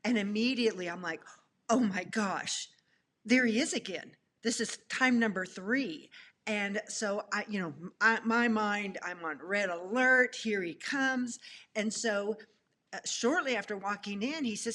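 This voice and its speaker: Expressive woman retelling her love story. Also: mid-range voice, a little slow. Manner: expressive, laughing, acts out her own past thoughts. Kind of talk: animated personal storytelling.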